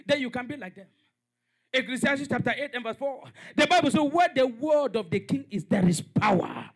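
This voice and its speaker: A male pastor preaching a fervent sermon at a church service, often shouting his declarations and leading the congregation in call-and-response. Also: very high voice, big pitch swings, a little fast.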